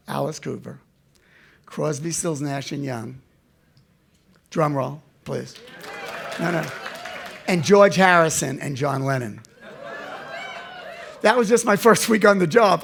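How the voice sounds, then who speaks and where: A gravelly-voiced man in his seventies tells his life story to an audience, his slightly high voice moving animatedly from loud to hushed. He takes his time, with long pauses, in this storytelling talk.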